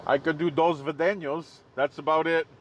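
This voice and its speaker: A man's voice: on the high side, steady tone, moderate pace, slight background noise. A man hosting a live stream outdoors, joking casually and laughing at his own jokes. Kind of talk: casual livestream commentary.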